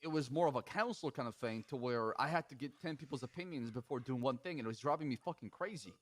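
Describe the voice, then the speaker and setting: A man's voice: mid-range voice, fast. A man roleplaying in a western game, earnestly defending his choices in casual in-character chat.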